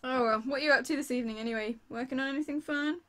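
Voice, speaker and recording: A woman's voice: high voice, rapid-fire, fairly bright tone. A woman hosting a live stream, chatting casually and teasing her guest, giggling often. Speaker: streamer host. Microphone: desk mic.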